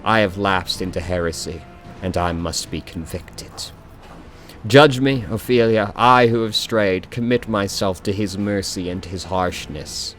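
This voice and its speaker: A man's voice: low voice, steady tone, a little slow, fairly bright tone, soft background music. Man reading as a ruthless, grandiose woman judge. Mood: repentant. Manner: grandiose declarations, read aloud from the screen. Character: ruthless female rogue trader judge, zealous.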